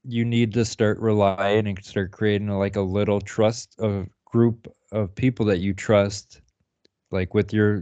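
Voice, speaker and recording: A man with a fairly low voice rambles through a podcast chat, swearing freely and laughing at his own points. The sound is dry and dull, like a cheap lo-fi recording with no room to it. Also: a little mellow, no echo. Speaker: podcast co-host. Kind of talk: casual profane chat.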